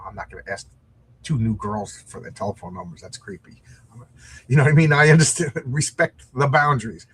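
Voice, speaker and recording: A man's voice: mid-range voice, fairly bright tone, slightly rough. A middle-aged man hosting a comic book show, chatting casually and rambling in a self-deprecating way. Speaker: comic podcast host.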